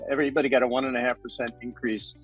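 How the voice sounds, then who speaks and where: A man co-hosting a casual business podcast, telling stories in an animated way and acting out the lines of the people he quotes. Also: medium pitch, very fast, faint music behind. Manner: animated storyteller, acts out quotes, swears casually. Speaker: podcast co-host.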